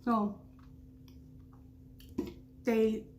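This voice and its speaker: A woman's voice: on the high side, level tone, drawn-out words, slight background noise. A woman vlogger earnestly retelling a frightening night, acting out the dialogue with many restarts. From Texas. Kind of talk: storytime vlog.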